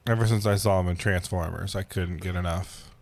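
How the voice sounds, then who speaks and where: A man co-hosting a podcast in casual chat, with dry, jokey, deadpan delivery. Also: low voice, fairly quick, creaky. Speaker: podcast co-host.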